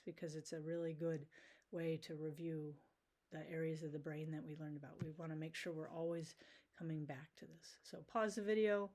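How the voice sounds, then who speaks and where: Female teacher, lowish voice, relaxed lecture while working through slides. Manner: casual, checks in with frequent "right?". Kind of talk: recorded video lecture.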